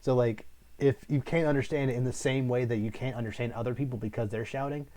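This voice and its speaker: A man's voice: mid-range voice, fairly even intonation, quick pace, warm tone. A man hosting a casual film discussion, rambling and critical, with many fillers and restarts. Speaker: host.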